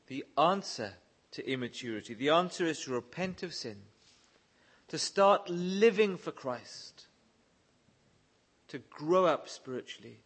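A man's voice: fairly high pitch, lively intonation, measured pace, long pauses, husky. A man preaching a sermon, reading scripture verses aloud and pressing his listeners with earnest questions. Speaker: pastor.

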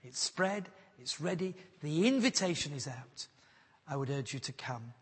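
A man's voice: a little high, lively intonation, moderate pace, breathy edge. A man preaching a sermon, telling a personal story and then earnestly pleading with his listeners. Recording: long hall reverb.

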